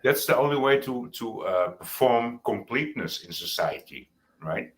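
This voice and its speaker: A man's voice: mid-range voice, animated, normal speed, fairly bright tone. A man co-hosting a podcast in casual chat, hesitant and reflective, with many fillers. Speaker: podcast co-host.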